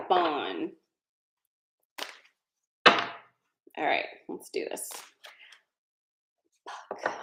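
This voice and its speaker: A woman's voice: on the low side, a little hiss or hum. Chatty woman reading tarot, roomy echo. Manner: chatty and digressive, laughs often. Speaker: tarot card reader hosting a live session. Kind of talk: casual live-stream card reading.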